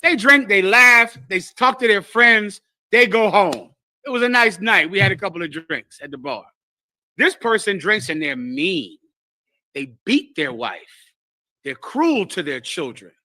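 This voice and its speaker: In an unhurried, high-sitting voice, a man teaches a scripture class to a live congregation. He preaches with animated call-and-response and speaks straight to his listeners. The recording is dry.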